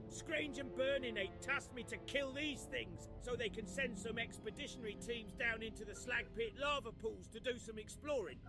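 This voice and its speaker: A man's voice: very high-pitched, voice pushed up. A man voicing a grumbling old male dwarf quest giver who talks in a folksy, bossy dialect while reading game quests aloud.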